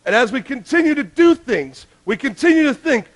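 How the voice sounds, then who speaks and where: A male pastor preaching a sermon, emphatic, swinging between loud urgent lines and hushed ones. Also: very high voice, very animated, normal speed, hardly any pauses.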